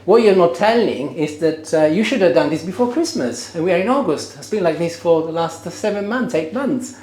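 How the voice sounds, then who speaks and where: A man's voice: fairly high pitch, animated, normal speed, a little mellow, roomy sound, voice pushed up, lightly acted. A man voicing his indignant wife as she defends herself, insistent and exasperated.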